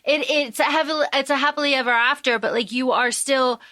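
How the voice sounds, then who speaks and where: Female podcast co-host, bright and lively, casual storyteller, dry close mic. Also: high voice, fairly quick, no echo. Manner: animated, acts out character lines while retelling the plot. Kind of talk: casual book discussion.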